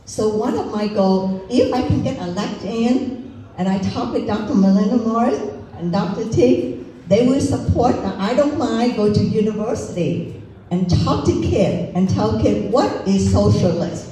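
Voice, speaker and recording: A Vietnamese woman running for political office tells a story in broken English during a campaign speech, speaking unhurriedly in a dark, medium-pitched voice. She's recorded from far off in an echoey room with faint noise.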